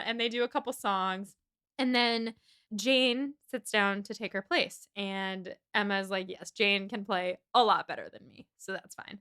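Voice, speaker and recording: A woman's voice: medium pitch, clear, resonant tone. A young woman co-hosting a casual book podcast, retelling a novel's chapters with lots of little character voices. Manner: animated retelling, acting out characters in quick voices. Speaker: podcast co-host. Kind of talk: casual book-club chat.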